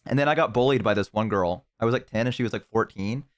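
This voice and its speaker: A man's voice: lowish voice, quick pace. Profane young man telling stories. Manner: profane, animated storyteller. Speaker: streamer. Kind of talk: casual stream chat.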